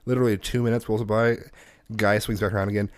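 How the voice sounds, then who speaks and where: A man telling stories in a casual chat as a podcast co-host, animated and swearing casually, with a dry, tickly throat. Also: lowish voice, no room sound. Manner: fast, animated storyteller who swears casually. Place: small indoor room with a fan.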